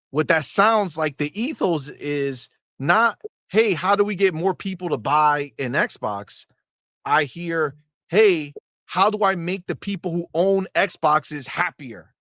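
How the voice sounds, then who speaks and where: A man hosting a live gaming stream in a casual, animated and profane way, with mocking asides. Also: on the high side, slow, no room sound, clean studio sound. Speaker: livestream host. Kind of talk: casual livestream talk.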